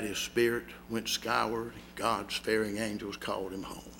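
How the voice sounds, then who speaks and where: A man preaching a sermon, telling a story dramatically and swinging from loud to hushed. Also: fairly low pitch, flat delivery, moderate pace, vocal fry, hardly any pauses, a little hiss or hum. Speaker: pastor.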